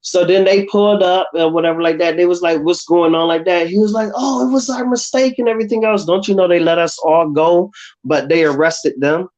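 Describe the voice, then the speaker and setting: Lively man telling a story. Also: fairly high pitch, moderate pace. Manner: animated, acts out voices in his stories. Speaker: guest. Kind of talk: casual storytelling on a livestream. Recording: dull, lo-fi call audio.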